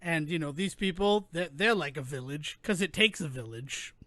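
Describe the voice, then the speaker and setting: A man co-hosting a podcast, chatting casually in an animated, rambling way that keeps interrupting itself. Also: a little high, moderate pace, no room sound. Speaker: podcast co-host. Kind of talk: casual chat.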